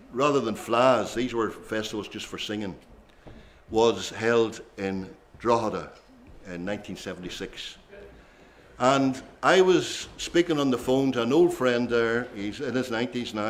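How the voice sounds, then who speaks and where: A man's voice: mid-range voice, a little hiss or hum. An older man, telling rambling stories between songs at a traditional singing session. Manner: chatty, rambling reminiscence with asides. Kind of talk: relaxed storytelling at a singing session.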